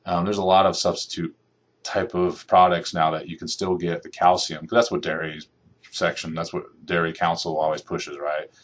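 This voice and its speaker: Deep-voiced man giving a casual lecture. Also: breathy edge. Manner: conversational, checks in with "okay" and "right". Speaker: nutrition lecturer. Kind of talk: classroom lecture.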